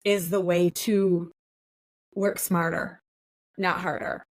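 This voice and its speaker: Woman, middle-aged, podcast host, lively storyteller, casual chat, dry sound. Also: fairly low pitch, dry recording. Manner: chatty, lively storyteller with quick asides. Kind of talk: casual conversation.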